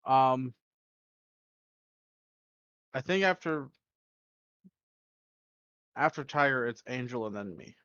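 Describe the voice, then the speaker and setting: A man's voice: mid-range voice, lively intonation, takes it slowly, long pauses, fairly bright tone, smooth, no room sound, lo-fi sound. A man playing in a tabletop game, unsure and asking how the rules work. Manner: unsure, asks about the rules. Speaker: player. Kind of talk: casual tabletop play over voice chat.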